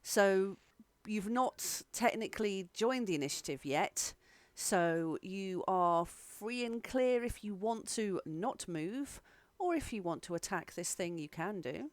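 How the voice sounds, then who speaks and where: Unhurried woman running a tabletop game. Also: medium pitch, lively intonation, no echo. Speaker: game master.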